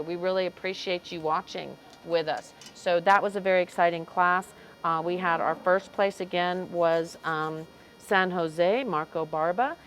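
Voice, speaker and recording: A woman with a lowish voice provides live commentary for a cattle show livestream in an arena, captured in a rough recording. She chats, greets viewers, and stumbles over names as she goes.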